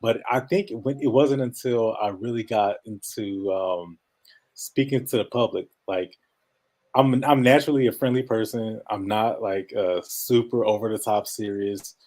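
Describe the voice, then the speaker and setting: A man with a somewhat low, nasal voice chats as a guest in a relaxed interview. He talks fast, runs his words together at times and laughs easily between thoughts. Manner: fast-talking, sometimes mumbles, laughs often. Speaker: podcast guest. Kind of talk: casual interview chat.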